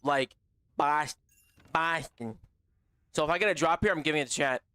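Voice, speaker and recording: Young male streamer, loose and profane banter, bright tone, dry close mic. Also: a little high, rapid-fire, smooth, dry recording. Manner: animated, profane, slangy banter with chat. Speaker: gaming livestreamer. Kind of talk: casual stream chat with viewers.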